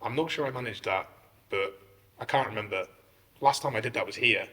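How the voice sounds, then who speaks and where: Bright-voiced man in a reverberant room. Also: mid-range voice, brisk. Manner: rambling, heavy use of "like", animated when telling stories. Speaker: podcast co-host. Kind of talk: casual fitness chat. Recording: long hall reverb.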